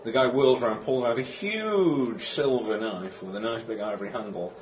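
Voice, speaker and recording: A man acting as game master, narrating a tabletop game with frequent laughter. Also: medium pitch. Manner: laughs a lot, brisk narration. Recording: noisy background.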